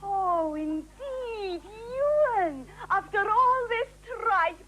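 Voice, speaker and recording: A woman's voice: very high voice, lively intonation, extremely slow, a bit bright, a little hiss or hum, heavily acted. A woman playing a homely housewife who mixes up her words in a sketch. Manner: sing-song, jumbled words.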